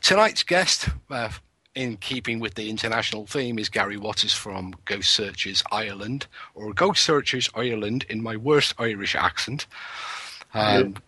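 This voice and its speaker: A man's voice: lowish voice, lively intonation, normal speed, pushed and bright, slightly rough, dry recording, poor audio. A man hosting a paranormal radio show, joking and chatty. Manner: joking, chatty, laughs easily. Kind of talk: casual radio chat.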